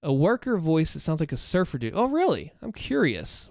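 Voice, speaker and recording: A man's voice: on the high side, huge pitch swings, moderate pace, hardly any pauses, a little mellow, no echo, clean studio sound. A man in his thirties hosting a livestream, chatting casually and upbeat with his viewers. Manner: upbeat, chatty, talks to chat. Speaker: livestream host and story narrator.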